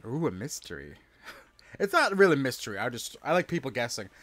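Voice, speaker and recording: A man in his thirties chatting casually on a live stream as he plays, reading and answering his chat aloud with quick exclamations at the game. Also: mid-range voice, sing-song, a bit bright, dry recording. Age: 30s.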